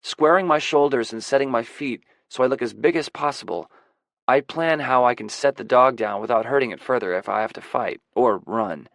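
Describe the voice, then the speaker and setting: A male audiobook narrator with a gravelly, textured voice, telling the story in a measured, introspective way. His pitch sits in a middle range. The read is dry and close, with no room sound. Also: fairly bright tone, no echo. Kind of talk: first-person audiobook narration.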